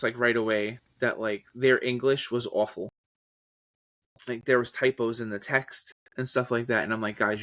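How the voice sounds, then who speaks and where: Man, casual interview storyteller, animated, mid pitch, dry close sound. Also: dry recording. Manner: animated, slips into trailer and character voices. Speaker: podcast guest, voice actor and journalist.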